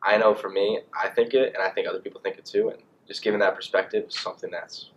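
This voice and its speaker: A young man in college vlogging casually, rambling and animated with lots of fillers. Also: on the low side, quick pace, dull audio, slight background noise. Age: young adult. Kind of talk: casual monologue to camera.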